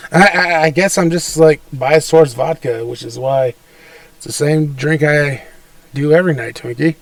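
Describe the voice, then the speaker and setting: A man's voice: mid-range voice, gravelly, no echo, far from the mic. A young man co-hosting a podcast in casual chat, crude and rambling, laughing often. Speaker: podcast co-host.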